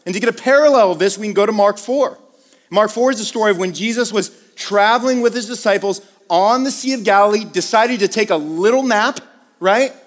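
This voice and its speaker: A man's voice: sits high, brisk, long reverb tail. A man preaching a conversational sermon, moving from casual asides to emphatic questions. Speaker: pastor.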